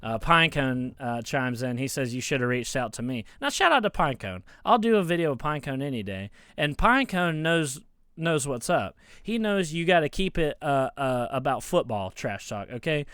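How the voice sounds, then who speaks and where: A heated man rants into his phone as a football fan YouTuber, mocking his rival and tripping over his words as he restarts sentences. His voice is smooth and resonant. The sound is dry and close, with no room around it. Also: medium pitch, big pitch swings, moderate pace, fairly bright tone, no echo. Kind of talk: casual ranting vlog.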